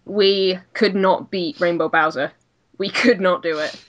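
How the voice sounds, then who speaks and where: A woman's voice: lowish voice, fairly even intonation, unhurried. Woman podcaster, easygoing chat, bit muffled lo-fi audio. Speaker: podcast co-host. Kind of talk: casual chat. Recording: slightly dull lo-fi sound.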